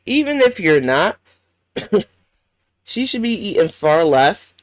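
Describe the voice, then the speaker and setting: A woman's voice: on the low side, very animated, slow pace, no room sound. A woman hosting a reaction commentary, ranting bluntly and swearing often. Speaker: commentary channel host.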